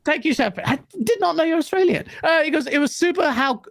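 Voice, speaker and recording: A woman co-hosting a live gaming podcast stream, chatting casually and shouting out viewers as she reads chat messages. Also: high voice, lively intonation, quick pace, creaky, no room sound. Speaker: livestream podcast co-host.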